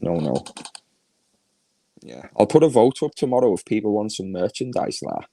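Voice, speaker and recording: A man's voice: lowish voice, sing-song, normal speed, dark tone, a little hiss or hum, rough recording. A man with a Liverpool accent hosting a livestream, ranting crudely and mockingly, laughing often. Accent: Liverpool (Scouse). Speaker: livestream host.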